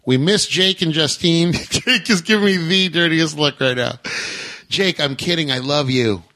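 A man hosting a podcast in casual chat, chatty and animated, with frequent halting restarts. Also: a little high. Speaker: podcast host.

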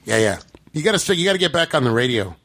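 A man hosts a podcast in quick, chatty bursts. His talk is loose and friendly, with many restarts and repeated words. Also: on the high side, big pitch swings, fairly bright tone. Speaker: podcast host. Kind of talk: casual podcast chat.

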